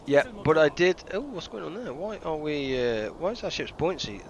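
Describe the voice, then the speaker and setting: A man from the UK giving chatty, excitable live commentary while streaming a game and greeting viewers. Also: a little high, normal speed. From United Kingdom. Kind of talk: casual live gameplay commentary. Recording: slightly dull stream mic with faint hiss.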